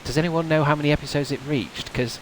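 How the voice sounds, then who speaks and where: A man's voice: a little high, fast, a little hiss or hum, poor audio. Chatty streamer man. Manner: chatty and rambling, laughs often. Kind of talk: casual gaming livestream chat.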